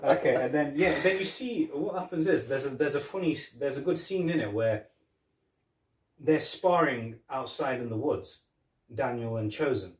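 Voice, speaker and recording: A man with a medium-pitched voice talks at a moderate pace, co-hosting a podcast and chatting casually. He retells movie scenes, quoting lines and laughing, and the recording sounds roomy and distant.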